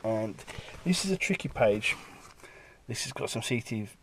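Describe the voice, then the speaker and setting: A man's voice: mid-range voice, lively intonation, measured pace, a bit bright, a little hiss or hum. A man, a comic artist, rambling casually through his pages and acting out bits of the dialogue.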